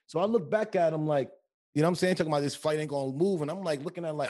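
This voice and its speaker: A man co-hosting a podcast, telling street stories in casual chat with lots of cursing and animated retelling. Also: on the high side, very fast. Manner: profane, animated storytelling. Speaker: podcast co-host.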